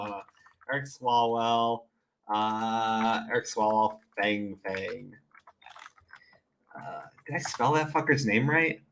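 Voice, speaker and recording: Guy reacting to clips, swears a lot, laughs, bright voice. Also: mid-range voice. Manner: profane, laughing often, rambling with restarts. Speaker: commentary streamer. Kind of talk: casual reaction commentary.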